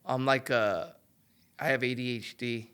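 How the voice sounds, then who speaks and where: A young man talks loosely and casually as a podcast guest. His voice sits at an ordinary middle pitch. He tells his stories in a rambling way, full of fillers. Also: fairly even intonation, a little slow, fairly bright tone, clean tone. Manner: loose, filler-heavy storytelling. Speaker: podcast guest, former pro golfer. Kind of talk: casual interview chat.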